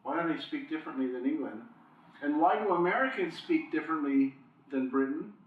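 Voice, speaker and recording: A man's voice: fairly high pitch, animated, brisk, distant mic. A man wonders aloud on a podcast in a mid-range voice, posing one question after another. He sits well back from the mic, and the room's echo makes the sound dull and lo-fi. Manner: musing, asks rhetorical questions. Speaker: podcast co-host. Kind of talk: casual chat.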